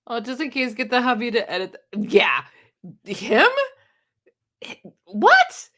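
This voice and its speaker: A woman's voice: fairly high pitch, normal speed, fairly bright tone. A woman hosting a casual live stream, reading viewers' comments aloud and chatting with them, laughing often. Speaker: booktube live-stream host.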